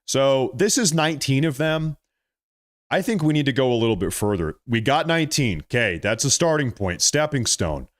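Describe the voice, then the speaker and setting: With a mid-range voice at a normal speed, a male political vlogger delivers his commentary in a lively, mocking tone, drawing out the words he stresses.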